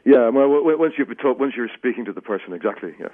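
Irish man, fast, over a phone line. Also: medium pitch, lively intonation. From Ireland. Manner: chatty, self-mocking, many restarts. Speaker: guest. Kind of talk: call-in radio interview. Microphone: telephone.

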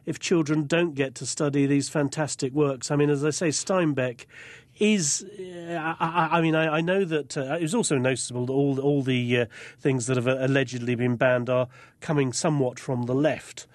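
A man's voice: mid-range voice, fairly even intonation, normal speed, dry recording. Hesitant English man, dry close sound. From England. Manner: hesitant, repeats words as he thinks. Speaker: guest correspondent. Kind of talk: radio call-in discussion.

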